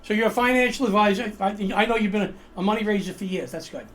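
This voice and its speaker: A man with a very high voice hosts a casual talk show, chatting quickly and teasing his guest. He rambles between jokes and points over a video call, with a faint hum in the background. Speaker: host. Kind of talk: casual political chat show.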